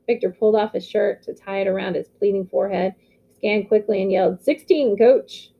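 A woman reading a novel aloud with steady storytelling. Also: mid-range voice, fairly quick, creaky, highs cut off. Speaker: audiobook reader.

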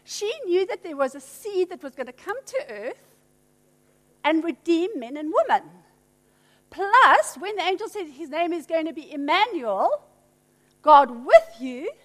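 A woman's voice: very high-pitched, fairly bright tone. A woman preaching a sermon, emphatic and teasing with playful asides. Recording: long hall reverb.

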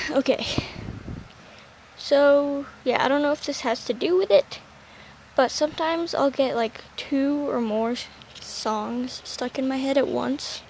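A young woman hosting a solo podcast, talking in a playful, rambling, self-mocking way that jumps suddenly between loud and quiet. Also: high voice, steady tone, takes it slowly, a little hiss or hum, poor audio. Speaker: podcast host.

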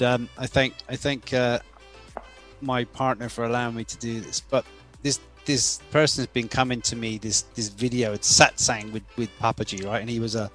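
Guy rambling thru a story on a podcast, bright clear voice, keeps repeating himself. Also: medium pitch, low-quality recording. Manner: rambling storyteller, repeats words, laughs easily. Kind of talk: casual podcast chat, storytelling.

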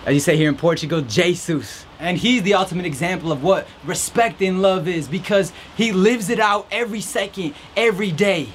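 A man with a high voice talks fairly quickly with few pauses, a little hiss or hum audible. Hosting a podcast outdoors in a storm, he gives a preachy, upbeat faith-based pep talk, sometimes in a mock reporter voice, with rain and faint music behind him.

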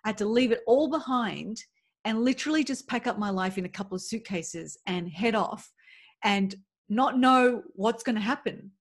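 An Australian woman in her forties hosts a motivational podcast. She talks in an open, personal way, casual and chatty, with plenty of "like" and "right?" along the way. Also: medium pitch. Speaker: podcast host. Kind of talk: candid motivational monologue.

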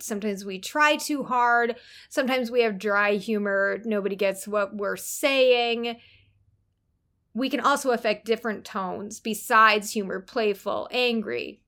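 A woman with a somewhat high voice talks through writing tips in a casual lesson. She is chatty and playful and slips jokes into her explanations. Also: fairly bright tone. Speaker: writing coach. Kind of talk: casual teaching talk on writing.

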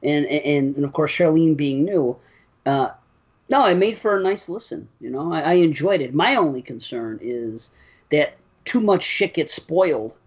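A man's voice: on the high side, lively intonation, normal speed, breathy edge. A man hosting a podcast, rambling and joking in casual chat. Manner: rambling, joking, frequent laughs. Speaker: podcast host. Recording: dull lo-fi podcast audio.

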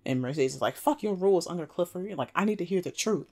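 A woman's voice: lowish voice, expressive, fast, a little mellow. A woman co-hosting a casual podcast, recapping a TV episode in laid-back slang and laughing often. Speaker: podcast co-host.

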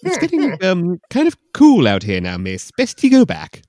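A man's voice: high voice, wildly swooping pitch, moderate pace, warm tone, no room sound, clean studio sound, voice pushed up, exaggerated voice. A man voicing a middle-aged male police chief, formal and gallant, in a put-on brogue, his voice raised.

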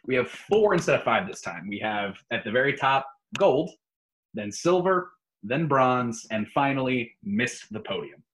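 A man's voice: mid-range voice, unhurried, rough recording. A man co-hosting a casual podcast, reading out riddles and running a playful tier-list segment. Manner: animated quiz-giver, playful. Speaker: podcast co-host.

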